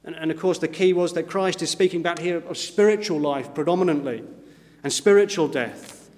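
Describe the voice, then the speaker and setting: A man preaching a sermon in an earnest style, slowing down whenever he quotes scripture. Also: fairly high pitch, darkish tone, big-room sound. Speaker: pastor. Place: church.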